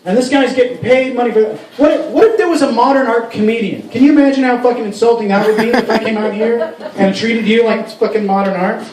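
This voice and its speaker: A man's voice: very high voice, quick pace, few pauses, a little mellow. A man doing a stand-up comedy set in a club, rambling and profane with many restarts. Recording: roomy room sound from a far mic.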